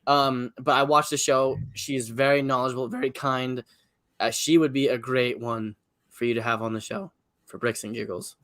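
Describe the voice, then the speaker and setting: A man's voice: medium pitch, fairly even intonation, normal speed, a bit bright, no room sound. An enthusiastic man is a guest on a casual livestream chat. He laughs easily and swears now and then in a loose, friendly way.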